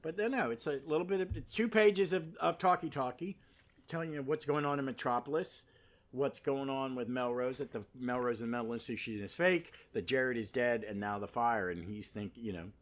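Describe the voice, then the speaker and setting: A man's voice: mid-range voice, brisk. A man hosting a podcast, giving a casual, rambling comic book review full of asides and fillers. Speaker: podcast host.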